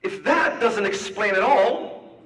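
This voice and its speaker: A man with a high, bright voice gives an animated storytelling lecture. He leans on rhetorical questions and acts out dialogue. He sounds distant in a hall with long reverb. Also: slow pace. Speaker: public speaker. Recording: echoey hall from far off.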